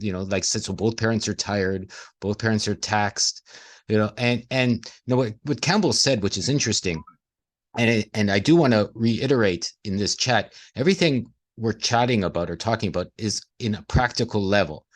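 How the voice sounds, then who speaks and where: A man's voice: fairly low pitch, moderate pace. A man in casual conversation, talking reflectively and playing on the sounds of words.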